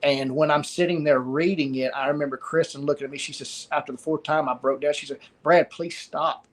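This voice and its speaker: A middle-aged man telling a personal story as an interview guest, halting and repeating words. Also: a little high, fairly even intonation.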